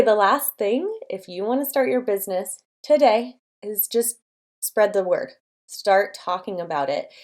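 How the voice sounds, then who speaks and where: A woman's voice: mid-range voice, a little mellow. A young adult woman hosting her own channel, giving encouraging, chatty business advice to camera with many fillers. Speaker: design studio owner and channel host.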